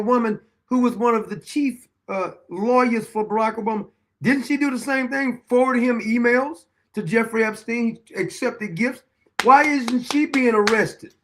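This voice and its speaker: A man with a notably high speaking voice delivers heated, profane political commentary as host of his own show. He is blunt and combative, cutting into clips to argue with them. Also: a bit bright.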